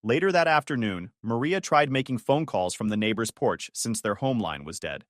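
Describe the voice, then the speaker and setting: A man's voice: mid-range voice, animated, normal speed, no room sound, studio quality. A man narrating a first-person family drama story in a bitter, matter-of-fact way.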